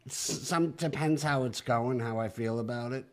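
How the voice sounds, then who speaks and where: A man's voice: mid-range voice, moderate pace. A man who is a comedian guest in a casual chat, often stopping and restarting his sentences.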